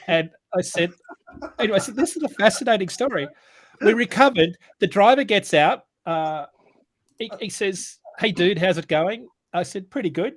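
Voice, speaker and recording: A man co-hosting a sales morning show, telling a story in casual chat, animated and full of restarts. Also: high voice, no echo. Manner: animated, retells dialogue with many restarts.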